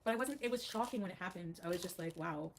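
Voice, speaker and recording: A woman's voice: mid-range voice, racing, noisy background. A woman from Canada telling a personal story on a livestream, rambling and emotional, full of "like".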